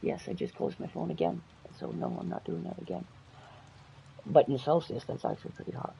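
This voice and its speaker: A Canadian woman streaming a game live, chatting casually, swearing freely and breaking into loud playful outbursts. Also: sits low, very animated, a little fast, gravelly, slight background noise, rough recording. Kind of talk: casual live-stream chat while gaming.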